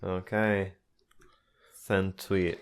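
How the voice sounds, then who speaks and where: A man's voice: deep voice, little pitch movement, drawn-out words, smooth. A man co-hosting a podcast in casual chat, reading out patron names and joking loosely with the occasional swear. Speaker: podcast co-host.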